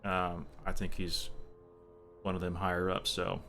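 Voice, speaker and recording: A man with a fairly low voice runs a tabletop role-playing game as game master. He narrates in a relaxed, halting way with plenty of ums and uhs. Faint music plays underneath.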